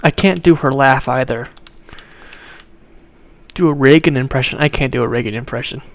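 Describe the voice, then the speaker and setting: A man's voice: mid-range voice, moderate pace. A young man streaming a video game, chatting casually and bluntly with his viewers. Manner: blunt, opinionated, talks to chat viewers. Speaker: livestreamer. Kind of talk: casual chat while playing a video game.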